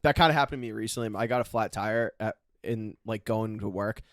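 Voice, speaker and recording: A man's voice: on the low side, a little fast, no room sound, clean studio sound. A man co-hosting a casual podcast, talking in a laid-back, rambling way full of fillers. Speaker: podcast co-host.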